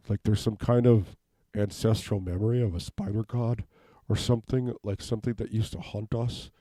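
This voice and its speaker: A man rambling through an improvised comedic monologue in a deadpan way, asking "okay?" over and over. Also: on the low side, no room sound. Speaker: comedic self-tape performer. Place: home basement.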